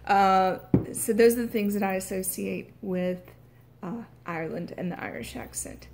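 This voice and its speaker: Southern American woman, actor talking through her accent practice, halting, lots of ums, faint background noise. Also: mid-range voice, a little mellow. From United States. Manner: hesitant, many filler sounds, clears throat. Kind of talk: casual explanatory talk.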